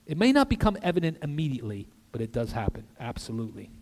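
An older man preaching an earnest sermon as a guest pastor in a church, with conversational asides and soft drops for emphasis. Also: medium pitch, wildly swooping pitch, quick pace. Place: church sanctuary. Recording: long reverb of a church hall.

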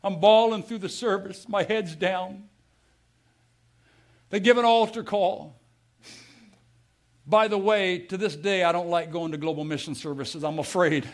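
A middle-aged American man preaching a sermon, telling stories with feeling and swinging from loud to hushed. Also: high-pitched, a little slow, long pauses. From United States. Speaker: pastor.

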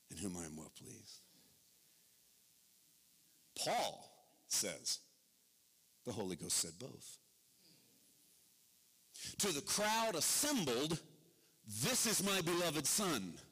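Middle-aged male pastor mid-sermon, emphatic then hushed, bright tone, long church reverb. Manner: wide swings between loud emphatic and low quiet delivery. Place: church sanctuary. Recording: long reverb of a large hall.

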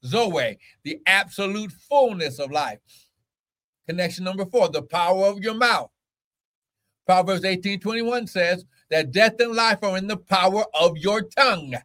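A fervent male preacher with a notably high voice delivers a sermon. He repeats his phrases and breaks into sudden whoops and hallelujahs. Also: measured pace, bright, forceful tone. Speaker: pastor.

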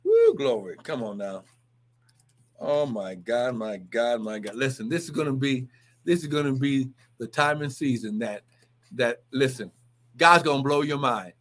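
A man's voice: medium pitch, very animated, measured pace, a bit bright. A man preaching a livestreamed sermon with fervent exclamations and repeated phrases.

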